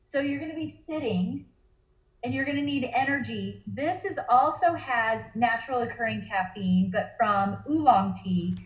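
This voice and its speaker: A woman in casual chat who eagerly demonstrates drinks and products and talks fast. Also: a little high, reverberant, poor audio. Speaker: guest showing products.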